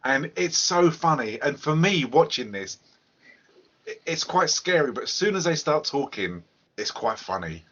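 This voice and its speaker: A man's voice: on the high side, very animated, unhurried, fairly bright tone. A man hosting a casual film review podcast, talking in a chatty, hesitant way. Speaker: podcast host. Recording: lo-fi podcast audio.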